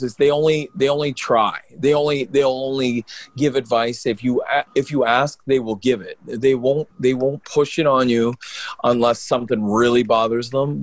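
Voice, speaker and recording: A man, a pro wrestler and co-host, telling stories in an animated, rambling way with lots of restarts. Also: medium pitch. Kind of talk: casual storytelling on a podcast.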